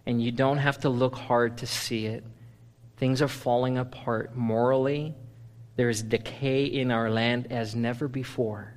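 A male pastor preaching a sermon, animated, swinging from loud playful bursts to low, intense stretches. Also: unhurried, big-room sound. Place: church sanctuary.

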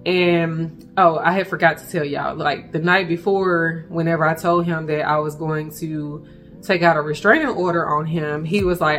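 Low-voiced woman telling a story casually. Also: steady tone, moderate pace, fairly bright tone, soft background music. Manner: casual, candid retelling full of "like" and asides to listeners. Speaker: podcast host. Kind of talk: personal storytelling podcast.

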